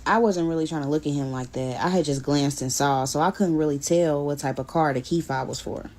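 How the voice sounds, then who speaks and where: A woman's voice: low voice, a little fast. A woman telling a personal story on her vlog in a casual, blunt way, swearing now and then. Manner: blunt, animated retelling with swearing. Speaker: storyteller vlogger.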